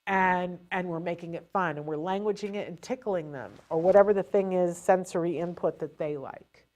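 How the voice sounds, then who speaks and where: A woman's voice: fairly low pitch, moderate pace. A woman hosting a live show, giving parents advice on language delay and acting out the playful lines they say to a child. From California, USA. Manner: animated, acts out playful baby talk to a child. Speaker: host.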